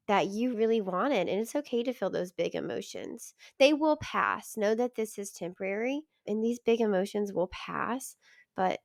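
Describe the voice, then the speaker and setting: A woman's voice: medium pitch, no room sound, clean studio sound. A woman guest on a podcast, speaking frankly and emphatically, reassuring new parents. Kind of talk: podcast conversation.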